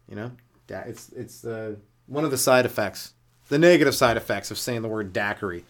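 A man doing a loose, rambling stand-up comedy monologue on his podcast, self-mocking and jumping into silly voices, with a smoker's cough. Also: fairly quick. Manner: loose and self-mocking, acts out silly characters in jumps of pitch.

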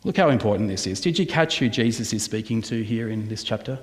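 A man preaching a sermon as pastor, lively with rhetorical questions and sometimes dropping his voice to a hush. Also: fairly low pitch, fast. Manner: animated preaching with rhetorical questions, soft at times. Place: church hall. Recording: long reverb of a church hall.

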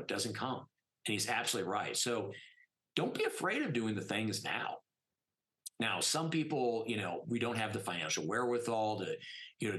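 Podcast guest: middle-aged man, low voice, very lively pitch, casual storytelling, emphatic. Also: rough recording. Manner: animated, emphatic, many "I mean" fillers. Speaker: podcast guest, plastic surgeon.

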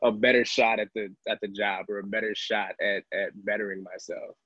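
Husky low-voiced man hosting a chat. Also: fairly even intonation, a little fast, a bit bright, no room sound, highs cut off. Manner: conversational, lots of filler words and laughter. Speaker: host. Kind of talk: casual panel discussion.

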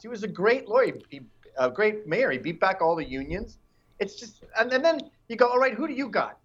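A man's voice: high voice, a bit bright. Brash, mocking man on a lo-fi line. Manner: brash, mocking, puts on silly voices. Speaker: guest. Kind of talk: casual political banter.

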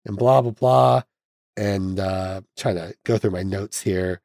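A man's voice: on the low side, steady tone, measured pace, a little mellow, dry recording, studio quality. A young man hosting a podcast, casually retelling a film's plot with chuckles and mock voices. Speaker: podcast host. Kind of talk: casual film recap chat.

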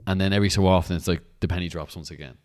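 A man chatting as a podcast guest, eager and repeating himself in quick bursts. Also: sits low, steady tone. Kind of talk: casual chat.

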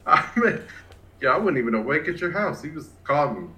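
A man's voice: fairly high pitch, fast talker, echoey room, rough recording. A man telling funny stories in a casual chat with a friend, laughing and acting out what his friends said. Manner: animated, laughing, mimics friends in quoted lines.

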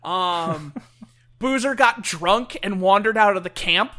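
A man in a casual chat, talking excitably and peppering everything with "like". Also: high voice, slow pace. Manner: excitable, full of "like" fillers.

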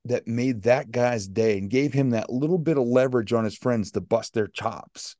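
A man's voice: medium pitch, normal speed, no room sound, studio quality. A man who is a motivational speaker, telling stories animatedly as a guest in a casual interview. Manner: animated storyteller acting out quotes.

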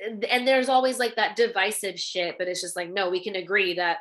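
Blunt profane woman, bright voice. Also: medium pitch, fairly even intonation, brisk. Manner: blunt, profane, says "like" and "bro" often. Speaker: guest, influencer. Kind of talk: casual chat.

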